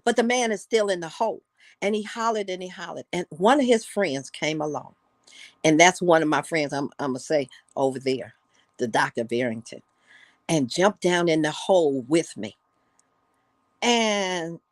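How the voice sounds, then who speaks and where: A woman's voice: on the low side, no room sound. An older woman, a guest on a talk show, talking casually and telling a folksy story with repeated words for emphasis.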